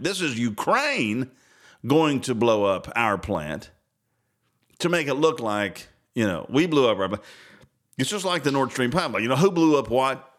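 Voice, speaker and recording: A man's voice: medium pitch, sing-song, measured pace, a bit bright. A man hosting his own podcast, rambling through casual political commentary with a sarcastic, self-interrupting manner. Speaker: podcast host.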